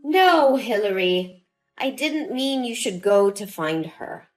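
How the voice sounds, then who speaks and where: A woman doing a nasty old mother-in-law, low, slow and sneering, lots of swing in her voice. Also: lively intonation, soft background music. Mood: contemptuous. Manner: scornful, dismissive. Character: scheming cold-hearted older woman, a mother-in-law. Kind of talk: dramatized story dialogue.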